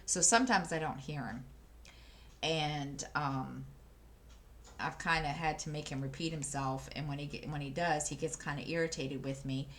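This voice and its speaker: Woman, casual craft-channel chat, rambling, fillers, slightly low pitch, faint room noise. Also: steady tone, moderate pace. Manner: rambling storyteller with many fillers and restarts. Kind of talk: casual chat while diamond painting. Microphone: desk microphone.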